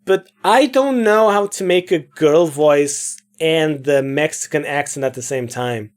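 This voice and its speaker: A woman who plays through a game and comments casually, chatty and quick to swear. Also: sits low, faint music behind. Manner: chatty, swears, laughs at herself. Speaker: let's player.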